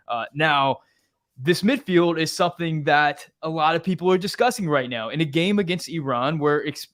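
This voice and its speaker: Energetic American soccer podcast host. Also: male voice, medium pitch. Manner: energetic, reads viewer comments. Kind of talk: sports analysis chat.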